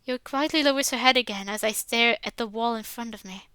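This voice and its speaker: Bright clear-voiced woman narrating a visual novel. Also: on the high side, quick pace, hardly any pauses, dry recording. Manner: casual asides, filler "like". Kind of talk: reading a visual novel aloud with commentary.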